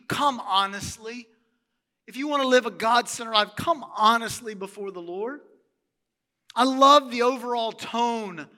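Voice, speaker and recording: A middle-aged male pastor preaching a sermon in a church, animated and asking the congregation questions. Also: high voice, big-room sound.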